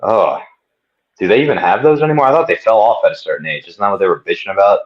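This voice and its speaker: Low-voiced man, muffled lo-fi sound. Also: very animated, quick pace. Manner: laid-back, chuckling asides. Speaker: podcast co-host. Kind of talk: comedic banter. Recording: muffled lo-fi audio.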